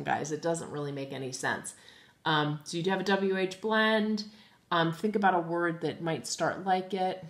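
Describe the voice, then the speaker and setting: Patient woman teaching phonics slowly. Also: fairly low pitch. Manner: patient, slow spelling out of letters; chatty, thinks aloud with fillers. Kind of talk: phonics lesson for young children.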